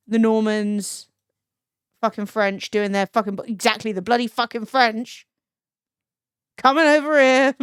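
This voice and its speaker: A woman's voice: fairly high pitch, clean tone, no room sound, clean studio sound. A woman from London with a British accent, telling stories casually on a stream, laughing and swearing freely. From London, England. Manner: chatty storytelling, swears freely, laughs often. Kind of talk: casual chat.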